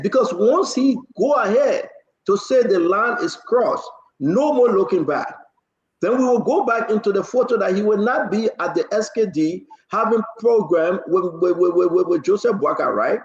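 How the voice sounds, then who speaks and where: A man's voice: sits high, expressive, moderate pace. A man hosting a heated political talk show, pressing and interrupting his guests. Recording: echoey, dull lo-fi sound.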